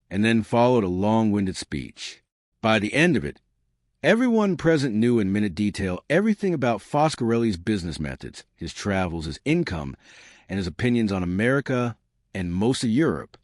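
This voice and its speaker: A man narrating a classic mystery audiobook in an expressive storytelling manner, close to the mic. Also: on the low side, no room sound. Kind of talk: scripted narration.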